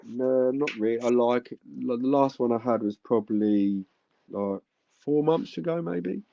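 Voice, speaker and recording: A man's voice: medium pitch, unhurried, creaky, mellow, no echo, lo-fi sound. A young man, chatting casually on a podcast, rambling with lots of fillers and swearing.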